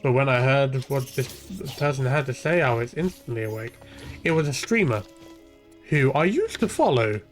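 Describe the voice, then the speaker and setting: A man's voice: mid-range voice, expressive, normal speed, soft background music. A young man ranting and swearing freely while streaming a game, rambling from point to point. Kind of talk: ranting live gameplay commentary.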